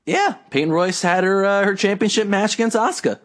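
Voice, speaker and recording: A man's voice: high-pitched, fairly quick. A man co-hosting a casual podcast, talking in a sarcastic, rambling way. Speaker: podcast co-host. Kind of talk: casual wrestling chat.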